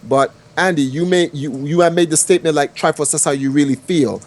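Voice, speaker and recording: A man's voice: on the high side, fairly quick, darkish tone. A man co-hosting a heated casual panel chat. He rambles, repeats himself and slips into mock-medieval phrasing. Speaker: podcast co-host.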